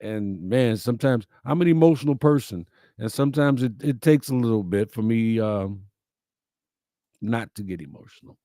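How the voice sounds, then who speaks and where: A man's voice: mid-range voice, lively intonation, normal speed, warm tone, no echo, studio quality. A middle-aged man, hosting a livestream, reading viewer comments and answering them in a folksy, heartfelt, preacherly way. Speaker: host of a live-streamed message show.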